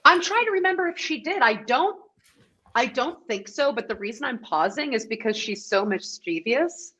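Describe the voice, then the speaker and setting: A woman's voice: on the high side, expressive, normal speed, bright, forceful tone. A woman guesting on a livestream, chatty and laughing as she rambles through a story. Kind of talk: casual livestream chat.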